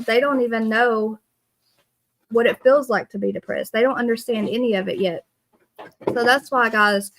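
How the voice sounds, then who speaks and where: A woman's voice: a little high, slight background noise. A woman, hosting a casual live stream and earnestly greeting viewers by name. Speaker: livestream host.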